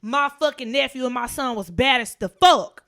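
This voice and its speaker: A young woman co-hosting a podcast, telling a wild story in casual, profane chat with bursts of loud laughter. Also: high voice, moderate pace. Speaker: podcast co-host.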